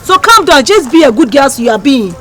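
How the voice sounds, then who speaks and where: A man's voice: very high-pitched, big pitch swings, a little fast, sharp tone, full character voice. Man playing a Ghanaian friend, reassuring, repetitive, Pidgin English. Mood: soothing. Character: friend calming a worried wife. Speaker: consoling friend. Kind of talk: Ghanaian comedy film acting.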